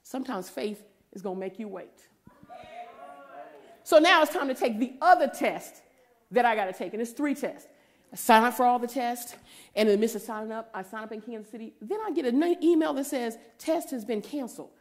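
A woman, giving a preaching testimony and acting out the voices in her story, sometimes rising to a shout. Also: on the high side, fairly quick. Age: 40s.

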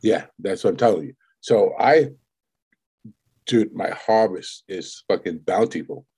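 A man's voice: low-pitched, a little slow, mellow, husky. A man co-hosting a podcast, joking around in casual banter and swearing freely. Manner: profane, joking, laughs often. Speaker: podcast co-host.

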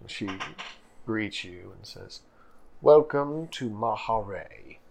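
A man's voice: on the low side, animated, very slow, vocal fry, a little mellow, slight background noise. A man narrating as game master of a tabletop game, casual and hesitant with fillers.

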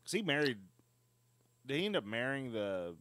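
A man co-hosting a casual movie podcast, excitable and swearing freely. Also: mid-range voice, normal speed, a little hiss or hum. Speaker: podcast co-host. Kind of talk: casual chat.

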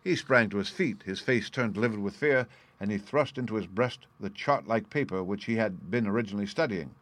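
A man with a low voice reads a classic story aloud in the first person, steady and formal. The sound is close and dry, with no room around it. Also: a little fast, no room sound. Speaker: audiobook narrator.

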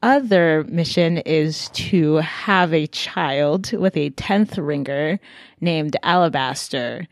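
Woman, book podcast co-host, calm explainer, lowish voice, dry sound. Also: takes it slowly, dry recording. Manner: calm, explanatory, adds short agreements. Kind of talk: casual book discussion.

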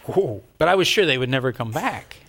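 An older man, a pastor, telling a story in a sermon with animated, dramatic delivery and sudden loud outbursts. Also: mid-range voice, brisk, gravelly.

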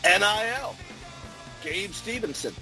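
A man's voice: high voice, expressive, takes it slowly, music in the background. A man co-hosting a casual podcast over a video call, laid-back and blunt, swearing offhandedly. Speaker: podcast co-host. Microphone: remote video call.

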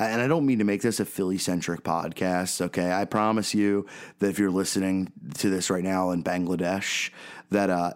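A man with a Philadelphia accent hosting a podcast, talking casually and often checking in with "right?" and "okay?". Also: sits low. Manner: chatty, frequent "right?" and "okay?" check-ins. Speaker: podcast host.

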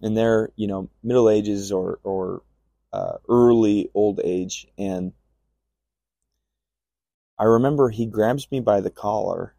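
A man telling a long personal faith story on a podcast, rambling and halting with many fillers and restarts. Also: fairly low pitch, fairly even intonation, vocal fry, warm tone, dry recording. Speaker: podcast guest. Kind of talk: storytelling testimony.

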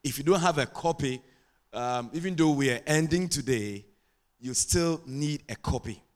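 A man preaching a sermon as pastor, chatting with the congregation and building to loud sing-song preaching. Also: fairly high pitch, normal speed. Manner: asks the congregation for responses.

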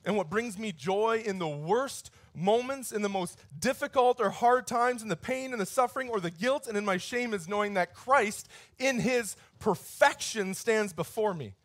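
A man in his thirties preaching a sermon with a fairly high voice, telling stories in an easy, conversational way. He leans in and pushes harder when he drives a point home. The sound is close and dry, with no room echo. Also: moderate pace. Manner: conversational storytelling, rising intensity on key points. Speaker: pastor.

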